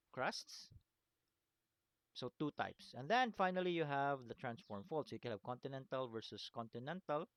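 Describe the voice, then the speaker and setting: Smooth-voiced man teaching a lesson. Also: medium pitch, fairly bright tone, no room sound. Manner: repetitive, stops to check understanding with "okay?" and "right?"; apologetic chuckles at his own slips. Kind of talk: screen-recorded lesson walkthrough.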